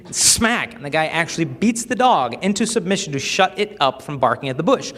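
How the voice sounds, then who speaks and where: Speaking quite high and fairly quickly, a young man gives a humorous talk to a live audience in an echoey hall. He tells his stories with animation and performs the voices of the people in them.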